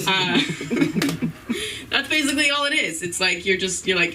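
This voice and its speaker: A woman's voice: mid-range voice, animated, normal speed, recorded from a distance. A woman doing stand-up comedy at an open mic night, rambling and giggling at her own jokes in a self-deprecating way. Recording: off-mic voice with faint room noise.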